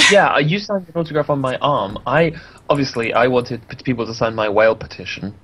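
A man's voice: medium pitch, lively intonation, normal speed, background noise. A man chatting casually about a game, hesitant with many fillers and laughs. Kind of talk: casual group chat after a game.

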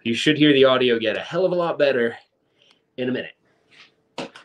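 A man's voice: mid-range voice, moderate pace. A man in his forties hosts a casual livestream. He rambles in an upbeat way, jumps between thoughts and restarts sentences as he goes. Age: 40s. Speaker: livestream host.

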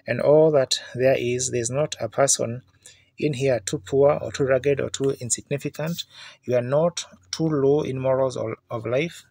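Gravelly, husky male preacher. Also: medium pitch, a little mellow, no room sound. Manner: fervent storytelling, rising to emphatic outbursts. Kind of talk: sermon. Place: church meeting.

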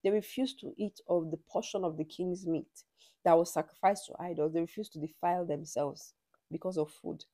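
A woman's voice: on the low side, steady tone, a little fast, warm tone, dry recording. A woman giving a conversational devotional teaching and leading a prayer, with frequent "you know" asides.

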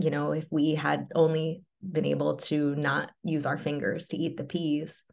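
Woman with a low voice, calm measured reading of her own story. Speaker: webinar presenter. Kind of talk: reading a personal story, then presenting.

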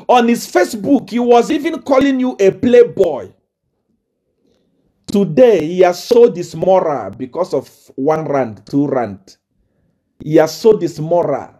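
A man's voice: a little high, warm tone. A man from Zambia, delivering a live-streamed political rant in a mocking, taunting way, laughing often and hammering on repeated phrases.

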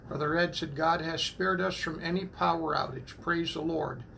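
A man, a church minister, greeting viewers one by one on a phone livestream from home, slowly and warmly calling out amen and praise the Lord between names. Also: on the high side, fairly even intonation, creaky, a little hiss or hum. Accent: New England. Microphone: phone propped up.

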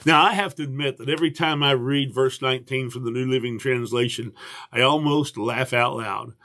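An older man, a pastor, giving a livestreamed morning devotion in an earnest, unhurried way, with frequent restarts. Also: mid-range voice, fairly even intonation, bright, forceful tone.

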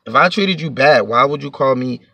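Gravelly man ranting a storytime. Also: mid-range voice, expressive, pushed and bright, no echo. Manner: heated, profane, rapid and rambling. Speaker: vlogger telling a story. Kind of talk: casual storytime rant.

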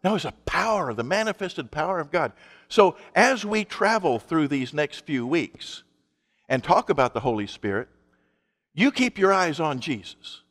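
A man's voice: fairly high pitch, sing-song, normal speed, a bit bright, long reverb tail. A male pastor preaching a sermon in an emphatic, conversational way, asking his congregation rhetorical questions.

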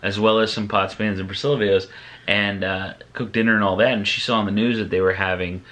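A father talks casually to his vlog audience in a lowish voice. He rambles in a relaxed way, with filler words and restarts as he recaps the family's day. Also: fast talker. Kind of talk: casual vlog talk to camera.

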